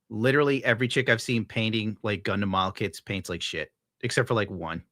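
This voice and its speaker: A man's voice: lowish voice, a bit bright, no echo, clean studio sound. A man streaming and reacting to clips in a crude, sarcastic, profane rant, laughing at his own jokes.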